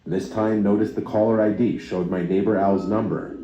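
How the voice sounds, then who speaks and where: A man calmly narrating a true horror story in scripted style. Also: lowish voice, moderate pace, highs cut off, background noise. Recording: echoey with loud music bed.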